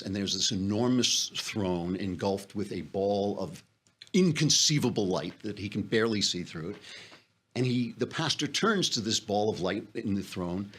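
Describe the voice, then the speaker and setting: Male podcast host, fiery and sarcastic, husky low voice with animated swings in pitch. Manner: sarcastic, impassioned, preacherly. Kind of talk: political commentary monologue.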